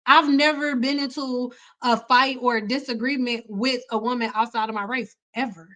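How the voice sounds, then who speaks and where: A young woman from Detroit rambles through personal stories on a casual livestream. Her voice is bright and slightly high, and she leaps up in pitch whenever she mimics someone. She talks in quick, looping, animated bursts. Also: rough recording. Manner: animated, chatty, acts out quoted people with big pitch jumps. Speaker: hair care livestream host.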